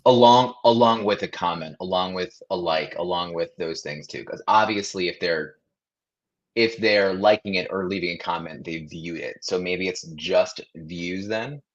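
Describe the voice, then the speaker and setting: A man with a very low voice co-hosts a live stream chat, coming through a slightly dull, lo-fi call line. He poses questions to his co-host and reads viewer comments aloud. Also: moderate pace. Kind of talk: casual livestream chat.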